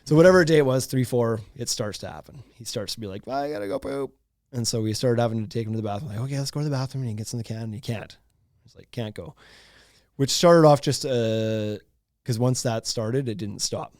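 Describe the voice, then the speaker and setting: A man, hosting a podcast and telling a story in casual chat, animated and laughing often. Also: mid-range voice, brisk, no echo, studio quality. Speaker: podcast host.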